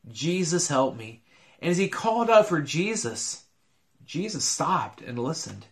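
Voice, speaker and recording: A man telling a Bible story to children, in an earnest and expressive storytelling manner. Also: fairly high pitch.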